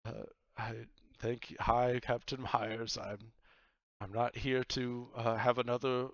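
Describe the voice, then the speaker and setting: A man's voice: medium pitch, little pitch movement, slow, dry recording, muffled recording, voice pushed up. A man voicing a reserved woman witch who speaks politely and hesitantly.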